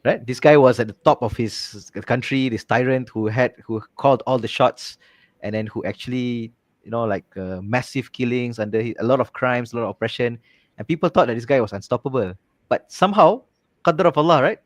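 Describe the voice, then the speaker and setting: Fast-talking man, dry close sound. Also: medium pitch, dry recording. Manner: animated, fills with "right?" and "like". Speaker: podcast co-host. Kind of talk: casual religious discussion.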